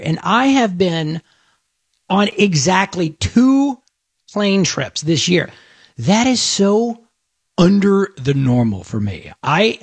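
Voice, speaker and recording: A male talk radio host with a high, gravelly voice and a husky edge. He rambles and jokes his way through the talk, with plenty of restarts. The studio sound is dry and close. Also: dry recording. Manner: chatty, joking, rambling with fillers and restarts. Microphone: studio microphone.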